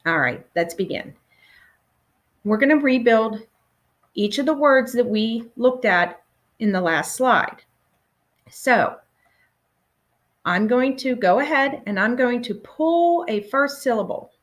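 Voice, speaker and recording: A woman teacher leading a recorded phonics lesson for children, patient and encouraging, pausing for answers. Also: on the high side, expressive.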